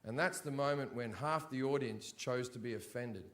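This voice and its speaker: A man's voice: mid-range voice, moderate pace. A male stand-up comedian doing a blunt, profane, sardonic set on a live stage. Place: live comedy venue before an audience.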